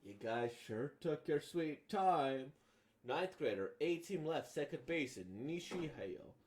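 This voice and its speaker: Performer voicing a brash teen girl bully, Brooklyn accent, loud, insulting, lively swings. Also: mid-range voice, a little slow, close to an everyday voice. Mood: mocking. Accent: put-on Brooklyn. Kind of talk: manga dub reading.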